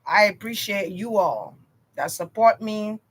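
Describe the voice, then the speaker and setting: A woman's voice: mid-range voice, animated, measured pace. A woman chatting casually to her viewers on a livestream tarot reading, slangy and direct.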